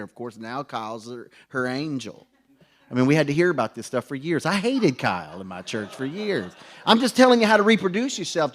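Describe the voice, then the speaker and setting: A middle-aged pastor preaches at a conference. He talks in a folksy, joking way, often stumbling and restarting his sentences. His voice sits at an ordinary pitch for a man. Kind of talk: conference sermon.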